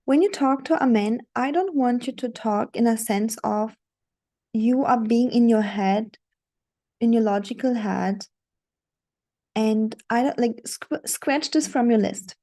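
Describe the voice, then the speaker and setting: A woman's voice: a little high, a little slow, mellow. A woman dating coach talking straight to her viewers, instructive and repetitive, often checking in with "okay?". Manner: instructive, repeats "okay?" and "don't do it". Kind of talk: coaching monologue.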